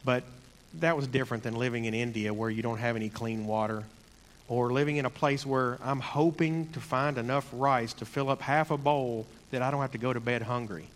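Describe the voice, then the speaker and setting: A man giving a sermon in an earnest, conversational way, slowing down to stress key points. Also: medium pitch, fairly even intonation, in a large hall. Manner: earnest, conversational, slows for emphasis. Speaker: preacher.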